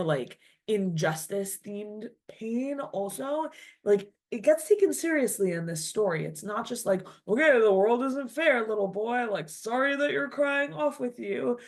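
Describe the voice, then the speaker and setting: A woman's voice: on the low side, gravelly. A woman teaching a classic text, reading lines aloud and then explaining them in loose, chatty English full of "like". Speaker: Torah teacher. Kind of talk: casual text-study lesson.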